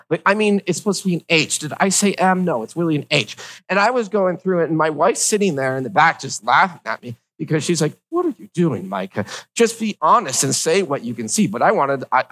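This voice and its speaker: Lively, wry man telling a story. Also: a little high, low-quality recording. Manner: rambling, filler-heavy, wry. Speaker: vlogger telling a personal story. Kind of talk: casual storytelling to camera.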